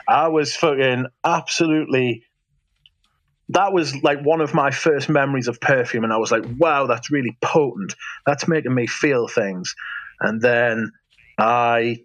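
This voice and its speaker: A man's voice: mid-range voice, a little slow, fairly bright tone. A man, a podcast guest, telling rambling stories with a lot of swearing in casual chat.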